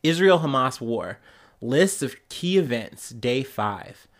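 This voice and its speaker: A man's voice: medium pitch, sing-song, slow. A man hosting a casual news podcast, talking with a congested, nasal voice from a cold and rambling loosely with fillers and restarts into a podcast microphone. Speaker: podcast host.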